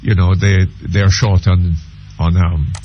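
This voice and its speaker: Man hosting talk radio, unhurried, full of ums, dull lo-fi broadcast. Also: sits low, flat delivery, a little hiss or hum. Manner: unhurried, hesitant, lots of ums. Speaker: radio talk show host.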